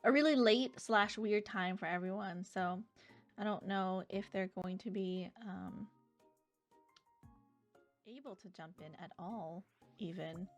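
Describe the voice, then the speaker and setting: A woman's voice: mid-range voice, takes it slowly, long pauses, faint music behind. A young woman streaming live, chatting casually with her viewers and reading out their messages between bursts of giggling. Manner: chatty, reads chat aloud, giggly.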